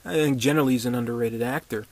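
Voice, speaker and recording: A man's voice: mid-range voice, racing, a little mellow, no echo. A man giving a casual, rambling movie review, sarcastic and profane, with many restarts and chuckling asides.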